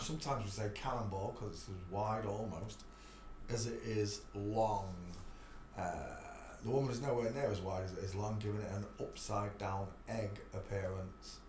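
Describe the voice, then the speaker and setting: A man with a lowish, slightly mellow voice hosts a rambling live stream, chatty and loose, laughing often between asides. The recording has an echoey room and faint background noise.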